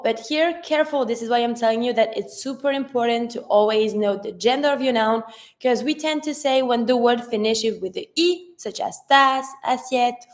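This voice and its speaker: A woman with a French accent, a native French speaker teaching an online vocabulary lesson and pronouncing words slowly and carefully. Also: on the high side. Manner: slow, careful pronunciation drills, switching between English and French.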